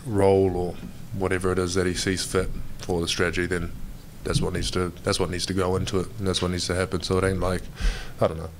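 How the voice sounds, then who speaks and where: A man's voice: sits low, monotone, fast talker, hardly any pauses, a little hiss or hum. A young New Zealand man answering reporters' questions in a casual, rambling way, dropping "mate" into nearly every sentence. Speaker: pro basketball player. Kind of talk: media day press interview.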